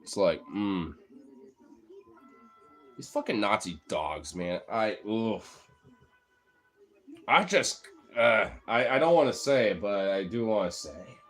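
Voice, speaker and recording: A man's voice: lowish voice, big pitch swings, slow, pauses often. A man giving a heated, profane, rambling political rant in casual chat, talking straight to his viewers as a streamer.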